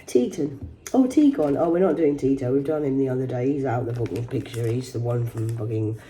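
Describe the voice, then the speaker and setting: A woman's voice: rumbling low, normal speed, warm tone, a little hiss or hum. A woman, reading news headlines aloud in a rambling vlog, swearing heavily and adding mocking asides. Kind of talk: rambling livestream commentary.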